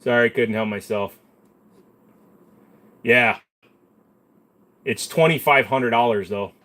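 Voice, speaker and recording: A man's voice: medium pitch, takes it slowly, sharp tone. A male host in a casual livestream chat, laid-back, joking and profane.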